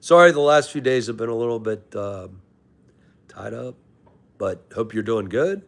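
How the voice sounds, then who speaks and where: A man's voice: mid-range voice, animated, normal speed, creaky. A young man hosting a live stream, casually greeting chatters by name and calling them brother. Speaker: livestream host reading chat.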